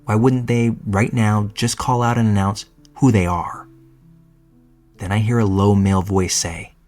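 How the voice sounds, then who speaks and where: Low-voiced man narrating a horror story. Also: fairly even intonation, unhurried, darkish tone, soft background music. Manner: casual, profane first-person storytelling.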